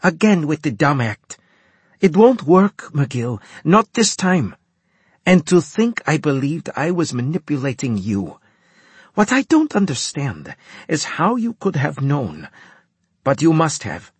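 A man voicing an imperious, short-tempered female starship commander who speaks in a sharp, clipped, accusing way. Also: on the high side, sing-song, a little slow, slightly rough, no echo, pitched above the performer's own voice, full character voice. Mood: angry, accusing.

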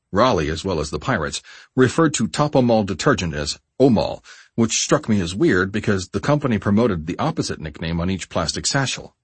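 A man narrating a first-person memoir audiobook in a measured, steady way. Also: deep voice, slightly rough, no room sound.

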